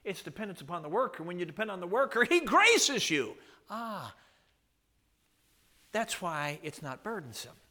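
Preacher, male, high bright voice, chuckling storyteller, rhetorical questions. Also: expressive, moderate pace, pauses often. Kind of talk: sermon.

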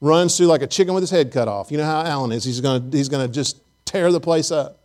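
A male pastor delivering a casual, storytelling sermon in a slightly high voice. He jokes, asks the congregation questions and keeps things friendly and loose. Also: fast, a little mellow. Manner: conversational, joking, speaks straight to the congregation. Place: church service.

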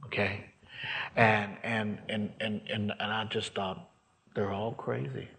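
A man's voice: on the low side, little pitch movement, slow, creaky. A man preaching, telling a story from his own life and acting out the voices of the people in it. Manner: storytelling, acts out voices, rising to shouts. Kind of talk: sermon testimony.

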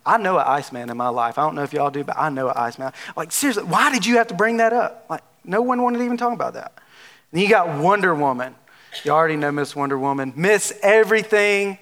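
A man's voice: fairly high pitch, expressive, quick pace, a bit bright. A man pastor giving a casual, joking sermon, talking with the congregation. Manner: playful, conversational, jokes with the audience.

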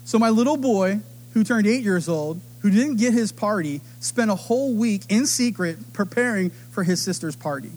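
High-voiced animated preaching man. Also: moderate pace. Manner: animated storytelling, acting out voices. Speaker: pastor. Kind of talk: sermon.

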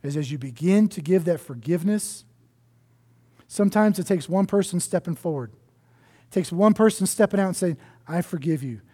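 A male pastor preaching a sermon in an earnest way, often dropping to a soft hush to stress a point. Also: high voice, moderate pace.

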